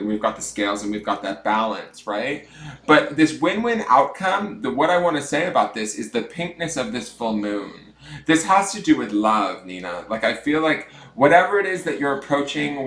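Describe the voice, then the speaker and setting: A man hosts a relaxed tarot livestream from his home and chats freely with viewers. He swears now and then, pokes fun at himself, and drops from loud greetings to mumbled asides. His voice sits at an ordinary pitch for a man, and the room around him has a strong echo. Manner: chatty, swearing, self-mocking, drifts between loud greetings and mumbled asides. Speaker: tarot reader hosting a livestream. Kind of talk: casual livestream chat and tarot reading. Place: room at home with dogs snoring nearby.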